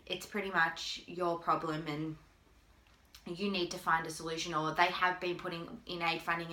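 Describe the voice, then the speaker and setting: A woman speaks to camera about her family, holding back tears. Her delivery is halting and full of long pauses. Her voice sits a little low but has a bright, forceful edge, and the room around her rings with echo. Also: flat delivery, creaky. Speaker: mother. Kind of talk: personal video appeal. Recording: echoey room.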